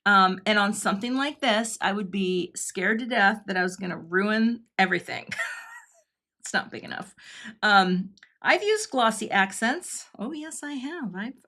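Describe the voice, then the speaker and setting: A woman's voice: medium pitch, a little slow, bright, forceful tone. A woman hosting a live craft stream, chatting and thinking aloud as she works and thanking viewers in the chat. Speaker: craft livestream host.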